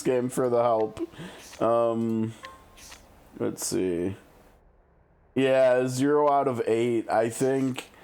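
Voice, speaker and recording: Slow-talking man streaming a game. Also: fairly low pitch, dark tone. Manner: musing, chatty, thinks aloud. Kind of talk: casual gameplay commentary. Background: game music.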